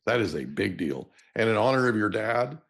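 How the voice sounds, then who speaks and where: A man hosts a podcast with warm enthusiasm. His pitch swings widely as he affirms his guest and leads the conversation. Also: sing-song, normal speed, vocal fry, husky. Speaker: podcast host. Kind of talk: casual podcast interview.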